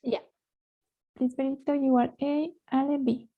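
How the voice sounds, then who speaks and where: A woman's voice: high voice, level tone, normal speed, phone-quality sound. A woman teaching an online English class, coaxing students along and often asking "right?" over a video call. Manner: switches between English and Spanish, coaxing students with frequent "right?".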